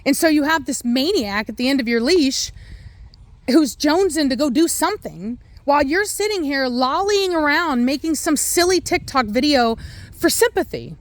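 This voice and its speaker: A woman's voice: high-pitched, lively intonation, normal speed. A woman who breeds and trains dogs, ranting bluntly and with exasperation in an opinionated commentary.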